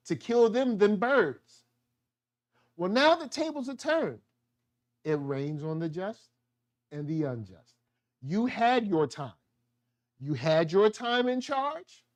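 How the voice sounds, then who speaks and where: A man giving a casual, slangy review of a TV show, animated and quick to act out the characters' lines. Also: high-pitched. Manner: slangy, animated, acts out quotes. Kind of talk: casual solo TV review talk.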